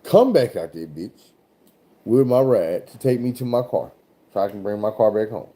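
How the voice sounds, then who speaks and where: A man from Arkansas, a truck driver telling a road story in a loose, animated, heavily profane way. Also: lowish voice, moderate pace. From Arkansas, USA. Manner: animated, profane, swears often.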